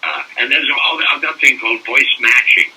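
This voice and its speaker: An older man, a voice actor, telling animated anecdotes in a casual interview and slipping into mock French-accent bits. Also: medium pitch, fairly quick, breathy edge. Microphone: phone call. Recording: distant phone-call audio.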